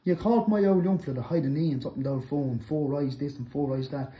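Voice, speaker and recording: Angry man, bright and sharp. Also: on the high side, brisk, low-quality recording. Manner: accusing, repetitive, rising to shouting bursts. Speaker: man addressing a rival on camera. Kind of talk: angry direct-to-camera callout.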